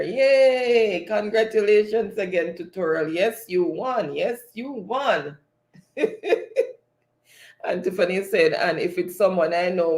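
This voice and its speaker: A man's voice: high voice, a little mellow. A man with a Jamaican accent hosting a livestream quiz, reading chat aloud and laughing often.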